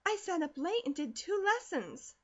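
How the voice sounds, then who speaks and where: A woman's voice: very high-pitched, sing-song, normal speed, a bit bright, highs cut off, pitched above the performer's own voice, heavily acted. A woman voicing an anxious, earnest teenage country girl who pleads breathlessly.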